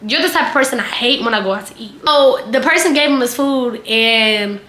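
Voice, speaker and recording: A young woman spins a casual storytime in a high, bright voice. She talks in a chatty, animated way, dropping fillers and swear words. The sound rings a little in an echoey room. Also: a little fast. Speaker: vlogger.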